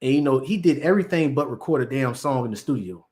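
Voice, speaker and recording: Fast and lively in intonation, a man with a medium-pitched, slightly mellow voice hosts casual commentary. His slangy storytelling meanders, and he acts out what others said.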